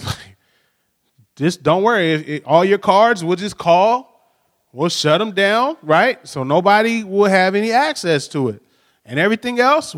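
Male pastor, high voice, chatty storytelling sermon, reverberant church sound. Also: fairly bright tone. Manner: storytelling, frequent "right?" tag questions. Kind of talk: conversational sermon. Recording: long hall reverb.

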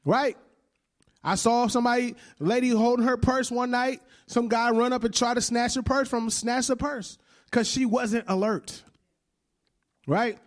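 A man's voice: very high-pitched, fairly even intonation, unhurried. A male preacher in his thirties giving a conversational sermon, often checking in with "right?" and laughing along with the congregation.

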